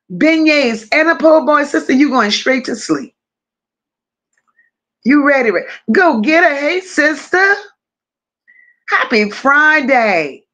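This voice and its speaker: Slow, high-voiced New woman hosting. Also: fairly bright tone. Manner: affectionate, greets viewers one by one and reads their comments aloud. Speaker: livestream host. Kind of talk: casual livestream chat.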